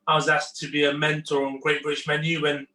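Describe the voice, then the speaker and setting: A man's voice: fairly high pitch, fast. A man, a chef, telling an anecdote on a video call, acting out the quotes and laughing through it. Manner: animated, acts out quotes, laughs through the punchline. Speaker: guest chef. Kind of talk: casual storytelling on a video call. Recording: echoey room, far from the mic.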